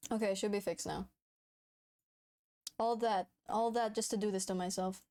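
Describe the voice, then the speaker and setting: A young woman VTuber chats on her stream at a moderate pace, her mid-range voice dark in tone and fairly even in intonation. The talk is casual but frantic, with frequent swearing and giggling.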